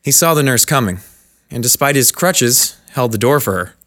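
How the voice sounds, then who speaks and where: A man narrating a dramatic short story in a measured, scripted way. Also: mid-range voice, lively intonation, fairly bright tone.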